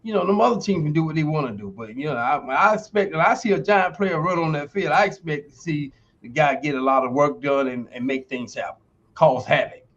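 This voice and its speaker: This podcast guest is a man in his sixties who played football professionally and later lectured at a university, and he's telling interview stories. His fairly high voice moves a little fast, with the highs cut off in the audio. He delivers everything with folksy, coach-like emphasis.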